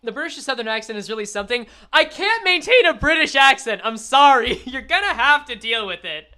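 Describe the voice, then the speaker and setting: A young woman streaming a game, chatting and reading the story aloud, animated and quick to laugh. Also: high voice.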